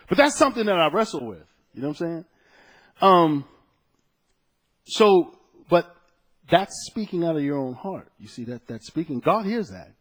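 A man with a husky, slightly high voice preaches a sermon. He talks like he is chatting with the congregation and tells personal stories between Bible verses. His delivery swings from quiet, low asides to loud, raised points. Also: moderate pace. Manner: conversational, animated storytelling with scripture quotes.

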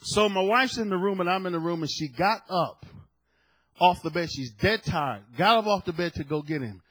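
A middle-aged man preaching from the pulpit, his voice high and bright with a husky edge. He tells a family story in hushed tones, then rises into loud shouted points. He acts out each person in the story with their own voice. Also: animated, normal speed. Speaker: pastor. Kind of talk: sermon with storytelling.

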